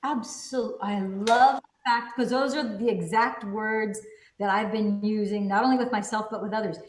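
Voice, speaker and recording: This woman reviews a self-help book as a casual lesson, firing off rhetorical questions and answering them forcefully. Her medium-pitched voice is steady and moderately paced; the recording has a roomy echo and a little hiss or hum.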